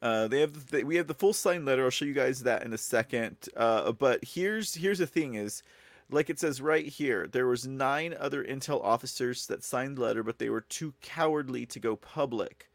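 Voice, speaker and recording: A man's voice: mid-range voice, expressive, normal speed, no room sound. A man hosting a live-stream news commentary show, talking casually and rambling to his viewers. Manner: rambling, casual, talks to viewers and thanks chat. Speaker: show host.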